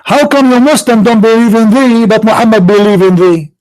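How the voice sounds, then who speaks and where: Combative high-voiced man debating. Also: a little fast, darkish tone, low-quality recording. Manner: mocking, confrontational, rhetorical questions, broken English grammar. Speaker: debate show host. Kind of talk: combative religious debate monologue.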